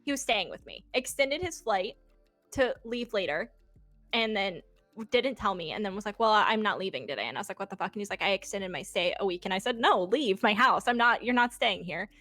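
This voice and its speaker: A woman in her twenties, a guest telling a personal story in casual chat, animated and swearing, laughing often and acting out quotes. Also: medium pitch, brisk, no room sound, faint music behind. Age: 20s.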